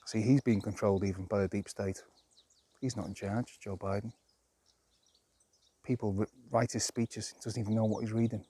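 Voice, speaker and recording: A man's voice: on the low side, steady tone, normal speed, long pauses, mellow, breathy edge. A man talking to camera outdoors in a rambling, plain-spoken, exasperated monologue of his opinions. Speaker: vlogger.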